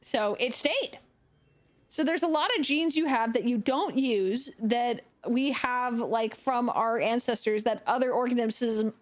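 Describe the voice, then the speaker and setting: A woman streaming live, chatting casually with viewers while she plays, animated, laughing a lot and swearing freely. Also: on the high side. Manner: answers viewer chat while playing.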